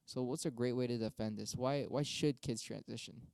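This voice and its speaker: A man on a live stream at home, worked up and swearing as he rants in circles. His voice sits at an ordinary pitch and sounds dry and close. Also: fairly even intonation, moderate pace, creaky, a little mellow, no room sound. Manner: angry, profane, repetitive. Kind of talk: heated casual rant.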